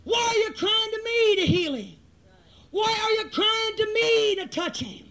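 A male preacher voicing God as a stern figure who shouts commands at a praying man. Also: very high voice, animated, unhurried, vocal fry, exaggerated voice.

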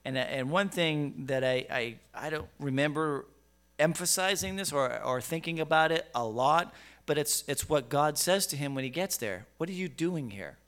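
A man preaching a sermon with emphasis and rhetorical questions, repeating words as he goes, swinging from quiet to loud. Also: a little high, normal speed, clear, resonant tone.

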